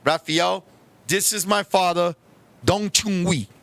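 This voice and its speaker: A man putting on a young woman who makes plain, brisk introductions. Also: high-pitched, a bit bright, no room sound, voice pushed down, exaggerated voice. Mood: matter-of-fact. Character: matter-of-fact young girlfriend, woman.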